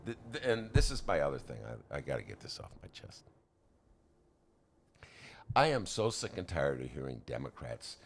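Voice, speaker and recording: A man's voice: extremely low pitch, sing-song, normal speed, vocal fry, long pauses, a little hiss or hum. A man giving an indignant, stumbling political rant on a talk podcast, recorded at a studio microphone. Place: radio-style studio.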